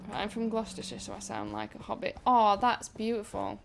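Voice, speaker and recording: A woman from England with a northern English accent, chatting casually with viewers while playing a game, rambling and quick to laugh. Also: medium pitch, big pitch swings, creaky, faint music behind. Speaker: gaming streamer.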